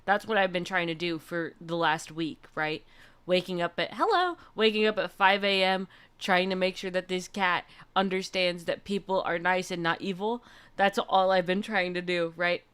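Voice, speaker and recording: A woman's voice: fairly low pitch, flat delivery, moderate pace, a bit bright, clean tone. A young woman hosting a livestream, chatting casually and gushing through a personal story with lots of fillers. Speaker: livestream host.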